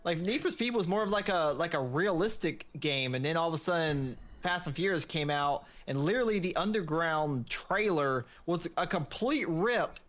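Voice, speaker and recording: A man's voice: fairly high pitch, animated, moderate pace, few pauses, a bit bright. A man chatting casually on a late-night gaming stream, rambling with restarts and crude jokes. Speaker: streamer co-host.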